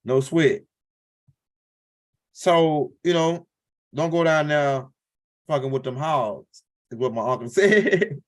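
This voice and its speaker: A stand-up comedian with a rather high voice takes his time with a rambling, profane story. Along the way he keeps tagging lines with "right?" to check in with the crowd.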